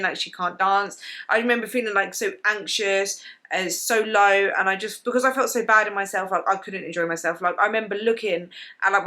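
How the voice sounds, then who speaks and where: Bright-voiced British woman, confiding vlog. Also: medium pitch. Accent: British English. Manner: emotional, confiding, lots of "like" fillers. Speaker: vlogger. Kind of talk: casual storytelling to camera.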